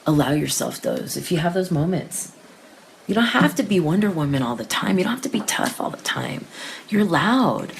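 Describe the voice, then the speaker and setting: A woman hosting a live psychic reading session, talking casually and emotionally to her viewers, tearful, with soft laughs and restarts. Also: on the low side, sing-song, moderate pace, creaky, a little hiss or hum.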